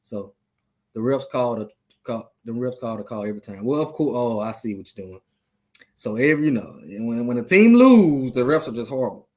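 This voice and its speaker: A man's voice: mid-range voice, animated, moderate pace, darkish tone. Loose trash-talking man on a stream. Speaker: podcast host. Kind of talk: casual sports talk on a live stream.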